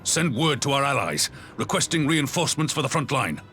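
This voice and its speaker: A man voicing a gruff older male army commander who speaks in a deliberate, commanding way. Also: mid-range voice, sing-song, pushed and bright, faint music behind. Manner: deliberate, commanding speech with old-fashioned phrasing.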